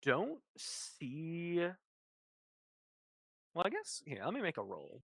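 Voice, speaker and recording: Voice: medium pitch, wildly swooping pitch, takes it slowly, gravelly, fairly bright tone, slightly rough, dry recording. A game master narrating a tabletop session, hesitant with many fillers.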